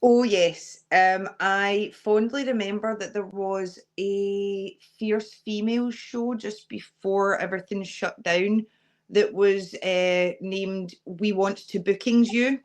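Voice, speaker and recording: A woman's voice: medium pitch, steady tone, slow pace. A young adult Scottish woman, a wrestler guest on a podcast interview, speaking candidly and earnestly with frequent fillers. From Scotland.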